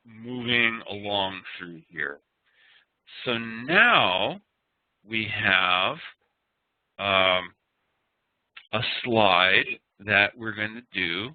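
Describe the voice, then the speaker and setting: A man teaching an online class, speaking slowly and patiently and demonstrating sounds aloud. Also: lowish voice, no room sound. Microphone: computer mic on a video call. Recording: dry, tinny web-call audio.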